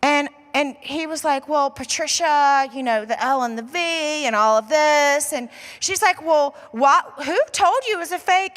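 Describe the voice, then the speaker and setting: American lady pastor preaching, high bright voice, acts out all the back and forth, lots of "like", big church hall echo. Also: normal speed, hardly any pauses. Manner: animated storyteller acting out dialogue, says "like" often. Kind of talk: sermon storytelling. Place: church auditorium. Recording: long reverb of a church hall.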